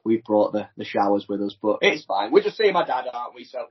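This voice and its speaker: A man's voice: fairly low pitch, big pitch swings, fairly quick, breathy edge, highs cut off. A man co-hosting a podcast, chatting casually and rambling through holiday stories from abroad over a remote line. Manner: chatty, rambling, self-deprecating banter. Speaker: podcast co-host. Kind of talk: casual chat. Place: holiday home in France, remote.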